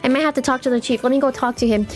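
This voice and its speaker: A woman's voice: high-pitched, fairly even intonation, rapid-fire, a little mellow. A young woman streaming a game live, chatting with her viewers in a playful, teasing way.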